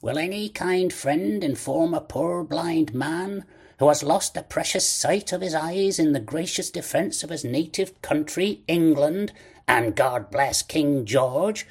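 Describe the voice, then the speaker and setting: A man's voice: a little high, animated, unhurried, creaky, a little mellow, breathy edge, pitched above the performer's own voice, heavily acted. A man voicing a cruel blind old beggar who shifts from a wheedling sing-song to cold menace.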